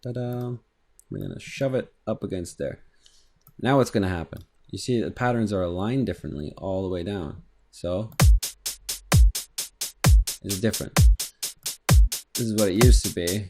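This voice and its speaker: A man giving a casual, rambling software tutorial, thinking aloud as he clicks through and humming rhythms. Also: on the low side, normal speed, long pauses. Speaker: music production instructor. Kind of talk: screen-recorded software tutorial. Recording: faint electronic music underneath.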